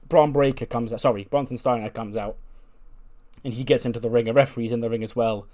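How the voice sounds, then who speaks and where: A man's voice: mid-range voice, steady tone, fast, warm tone. A man casually narrating his game playthrough in a chatty, wry way, full of fillers and asides. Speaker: let's play host.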